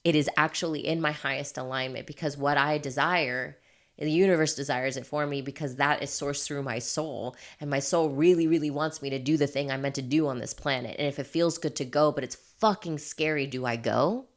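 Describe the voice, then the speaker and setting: A woman's voice: low voice, a little fast. A woman coaching in a candid motivational monologue, emphatic and laughing often, swearing freely. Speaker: life coach.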